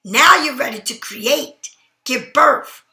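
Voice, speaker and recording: A tarot card reader gives a casual reading in a high, bright, pushed voice with lively intonation and a slow pace. She is chatty and emphatic, constantly checking in with "right?" and "all right?", and the sound is reverberant.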